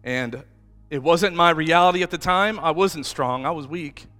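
A man's voice: fairly high pitch, normal speed, sharp tone, big-room sound, faint music behind. A man preaching a sermon as pastor, telling a personal story earnestly and getting emotional at times, rising to emphatic peaks. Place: church hall.

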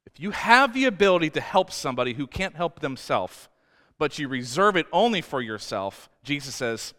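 A male pastor preaching a sermon, emphatic and swinging between loud and hushed, with humorous asides. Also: fairly high pitch, very animated, moderate pace. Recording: church hall reverb.

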